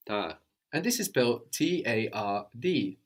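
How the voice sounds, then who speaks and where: A man teaching a language lesson, patient and probing, often checking with a quick "no?". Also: mid-range voice, big pitch swings. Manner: patient, prompts with questions, tag "no?".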